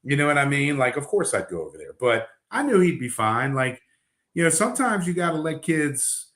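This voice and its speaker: A man's voice: on the high side, sing-song, fairly quick, a bit bright, roomy sound. A middle-aged man, a coach, talking bluntly in casual podcast chat, rambling with fillers and restarts. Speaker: basketball coach.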